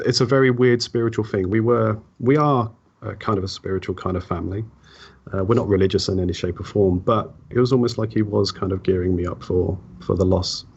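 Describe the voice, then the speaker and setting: A low, husky man in a reflective interview, his speech halting and heartfelt, circling back over words as he talks. The audio is dull and lo-fi, like a remote call. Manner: halting, heartfelt, repeats words when emotional. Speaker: podcast guest. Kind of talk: reflective personal interview talk.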